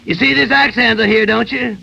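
A man putting on the voice of a blustering old Southern male politician, in a strained, gravelly drawl on an old radio broadcast. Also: very high-pitched, steady tone, normal speed, sharp tone, a little hiss or hum, pitched above the performer's own voice, heavily acted. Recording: dull lo-fi old radio recording.

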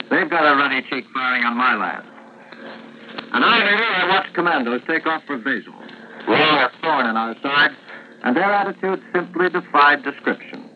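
A man filing a vivid wartime radio report from the front, told in a measured storytelling way. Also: a little high. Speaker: war correspondent. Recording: tinny, hissy 1940s radio archive.

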